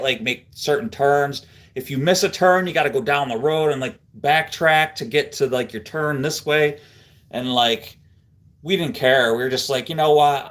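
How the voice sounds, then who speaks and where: A man's voice: mid-range voice, fairly bright tone. Man, middle-aged, from Central New York, live stream host, casual rambling chat, lots of fillers, laughs easily. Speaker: livestream host.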